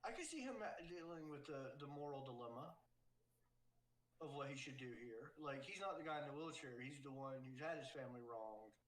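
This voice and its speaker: A man in his thirties co-hosting a podcast, telling stories in an animated, casual way. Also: medium pitch, brisk. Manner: storytelling, animated. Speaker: podcast co-host. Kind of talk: casual chat. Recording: echoey room.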